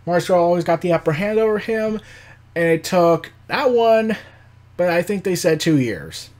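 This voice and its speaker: A man with a high, expressive voice and a darkish tone hosts an unscripted commentary podcast at a moderate pace. He rambles casually and sarcastically, laughing often and dropping the odd swear word.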